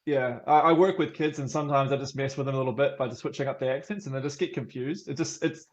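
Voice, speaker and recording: A man's voice: medium pitch, fast talker, highs cut off. Male, New Zealand accent, mid-range voice, loose and talkative podcast guest. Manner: chatty, laughs often, many fillers. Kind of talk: casual chat.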